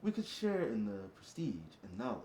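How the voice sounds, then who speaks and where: A man doing a male master assassin reading a formal letter aloud in a put-on accent, his voice muffled behind a mask. The pitch swings widely as he reads in a stiff, halting way. The room gives it a roomy echo. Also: sing-song, mellow, slight background noise, natural voice.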